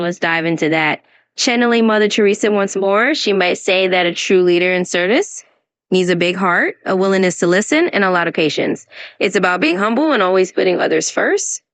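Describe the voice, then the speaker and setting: A woman's voice: lowish voice, a bit bright. A synthetic woman's voice acting as an AI English tutor, upbeat and encouraging as she answers questions and gives pronunciation tips. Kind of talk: scripted conversation practice.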